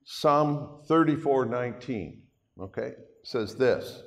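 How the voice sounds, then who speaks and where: Preaching at a measured pace, an older man from Canada addresses his congregation in a church hall with chatty, folksy remarks and asides. His medium-pitched voice is expressive and a little mellow, captured with the hall's long reverb.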